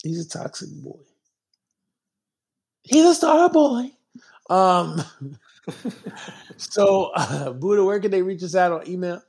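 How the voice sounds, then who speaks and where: A man's voice: sits high, unhurried, creaky, long pauses, breathy edge. A man co-hosting a podcast in casual, slangy, joking chat. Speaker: podcast co-host.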